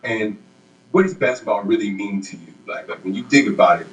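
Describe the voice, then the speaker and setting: Encouraging low-voiced male interviewer. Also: expressive, brisk, low-quality recording. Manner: coaching, encouraging. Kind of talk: on-camera interview prompting.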